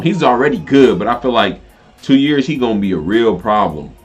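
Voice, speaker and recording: A man hosting a casual live stream, reacting to a game and reading viewer comments aloud, animated and talkative. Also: medium pitch, a little fast, faint music behind.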